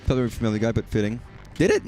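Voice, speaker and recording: A man's voice: mid-range voice, very animated, racing, warm tone. A man chatting casually while streaming a game, rambling and swearing at enemies. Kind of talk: casual gaming commentary.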